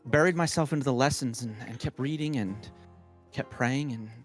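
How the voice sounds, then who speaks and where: A man voicing a tearful, eager young girl priestess in a halting, soft voice. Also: mid-range voice, faint music behind, natural voice.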